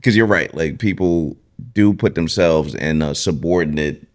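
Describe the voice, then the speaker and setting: Low-voiced guy hosting a chill podcast, says mm-hmm and super dope a lot. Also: normal speed. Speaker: podcast host. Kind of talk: casual podcast conversation.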